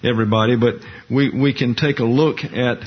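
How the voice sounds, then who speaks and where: Husky-voiced man teaching Bible doctrine. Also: medium pitch, steady tone. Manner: deliberate, explanatory, walks through Greek terms and diagrams. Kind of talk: Bible study lecture. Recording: muffled lo-fi recording.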